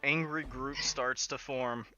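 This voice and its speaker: A man's voice: medium pitch, steady tone, slow, bright, forceful tone, lo-fi sound, soft background music. A man narrating as game master of a tabletop game, playful and full of fillers. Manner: playful storytelling with frequent fillers.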